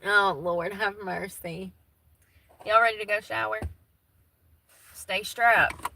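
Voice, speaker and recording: A Southern-accented woman in her thirties talks casually with her live viewers in a folksy manner, laughing easily. Her medium-pitched voice is steady, slow, creaky and sharp. The low-quality recording carries slight background noise.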